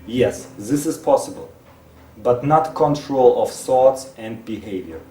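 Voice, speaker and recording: A man's voice: mid-range voice, animated, unhurried, warm tone. A man who speaks natively, reading a text aloud with his own asides. He often halts, repeats words and restarts phrases. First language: Russian. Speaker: presenter. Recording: roomy, distant mic, faint hiss.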